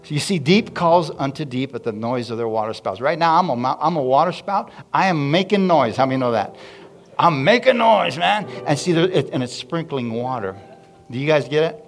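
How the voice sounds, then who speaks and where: Animated pastor, a man telling stories. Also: medium pitch, a little fast. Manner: animated, calls out to the congregation. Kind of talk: sermon storytelling.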